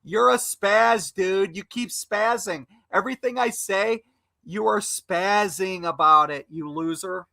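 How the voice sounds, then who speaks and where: A man arguing heatedly on a livestream, insulting an opponent with loud bursts. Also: sits high, unhurried, vocal fry, no echo. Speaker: livestream debate panelist.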